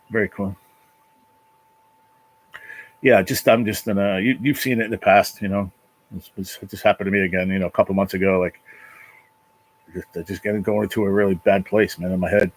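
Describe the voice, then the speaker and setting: A man hosting his own livestream from his apartment, talking casually and emotionally in a halting, repetitive way with a lot of swearing. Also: low-pitched, breathy edge, poor audio. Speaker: livestream channel host. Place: apartment at home.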